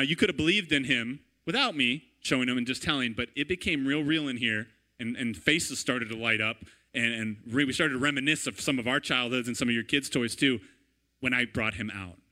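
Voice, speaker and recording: Bright-voiced animated man preaching. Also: medium pitch, moderate pace. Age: 30s. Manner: animated, conversational, repeats "right?" and "all right?". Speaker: pastor. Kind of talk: sermon.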